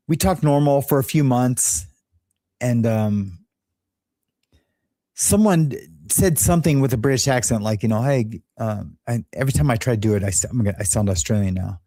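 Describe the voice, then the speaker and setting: A man's voice: medium pitch, warm tone, dry recording, studio quality. A man from Los Angeles hosting a show, telling a rambling, candid story in a casual monologue and laughing at his own jokes. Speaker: show host.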